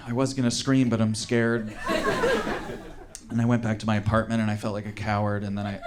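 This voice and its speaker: A man doing a stand-up comedy set, telling a story in an animated way and acting out the people in it. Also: mid-range voice, a little fast, very noisy. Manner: animated storytelling with acted-out quotes. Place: comedy show with live audience.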